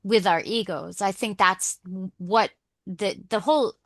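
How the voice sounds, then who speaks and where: A woman's voice: medium pitch, unhurried, no room sound. A woman co-hosting a podcast, musing casually and reflectively. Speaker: podcast co-host. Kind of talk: casual conversational interview.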